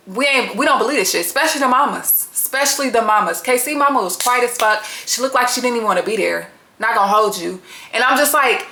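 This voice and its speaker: A woman's voice: fairly high pitch, sharp tone, echoey room. A woman giving a casual, blunt and profane recap of a reality dating show, full of slang and gossip.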